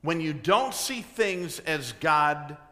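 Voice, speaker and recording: A man preaching a sermon in a church as pastor, emphatic and full of rhetorical questions, often clearing his throat. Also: a little high, lively intonation, slow pace, sharp tone, big-room sound. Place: church sanctuary.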